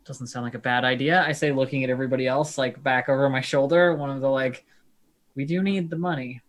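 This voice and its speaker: A man's voice: medium pitch, steady tone, quick pace. A man playing a tabletop game, speaking partly in character, earnest and polite, keeping the group on task. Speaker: player.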